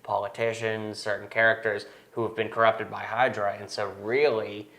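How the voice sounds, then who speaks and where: A man's voice: on the low side, little pitch movement, moderate pace, fairly bright tone. A young man hosting a casual movie review chat, talking with enthusiasm. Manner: enthusiastic, chatty, quotes lines in put-on voices. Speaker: host.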